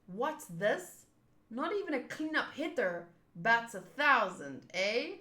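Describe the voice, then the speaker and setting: A woman's voice: on the high side, sing-song, takes it slowly, pushed and bright, reverberant, full character voice. A woman voicing a boastful young male sharpshooter with a showy manner.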